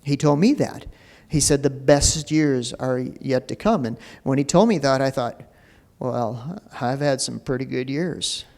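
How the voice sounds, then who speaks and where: A pastor with a gravelly, slightly mellow mid-range voice preaches at a measured pace with few pauses, talking loosely and saying "you know" often. The sermon echoes with the long reverb of a church hall.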